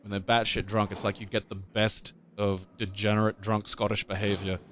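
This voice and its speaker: A man's voice: fairly low pitch, flat delivery, moderate pace, fairly bright tone, slight background noise. Profane, laughing Australian man. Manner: profane, rambling, laughs through anecdotes. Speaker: co-host of a game playthrough. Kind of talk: casual let's-play storytelling.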